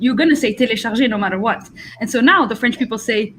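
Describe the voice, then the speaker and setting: Lively laughing woman on a video call. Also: on the high side, fast talker, hardly any pauses, slight background noise, rough recording. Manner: animated, laughs often, multilingual. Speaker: book channel creator. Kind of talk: casual group video call discussion.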